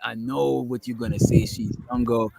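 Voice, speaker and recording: A man's voice: medium pitch, flat delivery, moderate pace, gravelly, warm tone, no room sound. A man hosting a casual talk show, speaking emphatically and peppering his points with "bro". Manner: emphatic, keeps adding "bro". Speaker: host. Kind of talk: casual chat. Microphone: streaming call mic.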